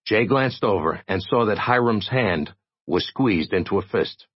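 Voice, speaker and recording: Husky low-voiced guy reading an audiobook, lively delivery, dry dull recording. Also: a little slow, no echo. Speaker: audiobook narrator. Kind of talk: audiobook narration.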